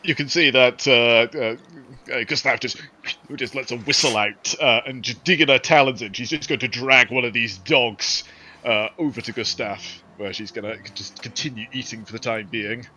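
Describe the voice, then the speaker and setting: Bright-toned player, rambling recap, mid pitch. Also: male voice, normal speed, muffled recording, a little hiss or hum. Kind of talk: recapping and narrating a tabletop game.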